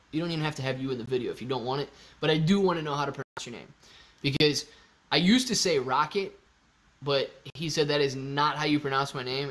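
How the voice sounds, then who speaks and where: A man hosting a casual live stream, chatty and excitable, talking straight to his viewers. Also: fairly high pitch. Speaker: livestream host.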